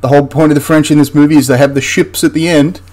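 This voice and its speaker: A man's voice: on the high side, little pitch movement, quick pace, a little mellow. A man hosting a history channel, ranting through a film critique in an exasperated, rambling way with frequent restarts.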